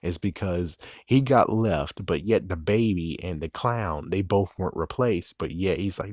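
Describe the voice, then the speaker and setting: A man with a lowish voice gives a casual movie review that keeps turning into an exasperated rant. He swears freely and laughs at his own jokes. The recording is dry and close, with no room sound. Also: moderate pace, hardly any pauses, darkish tone, no room sound. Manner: profane, exasperated, laughs at himself.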